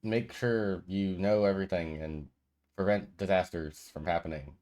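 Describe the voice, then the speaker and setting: Low-voiced man running a game stream. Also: fairly even intonation, moderate pace, darkish tone. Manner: chatty, laughs easily. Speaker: game storyteller and stream host. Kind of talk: casual game-night chat.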